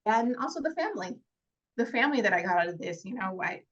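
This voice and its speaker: A woman, an actress, talking in an interview in a heartfelt, halting way with many fillers and restarts. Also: medium pitch, lively intonation, fairly bright tone, lo-fi sound. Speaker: actress guest. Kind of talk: casual interview chat.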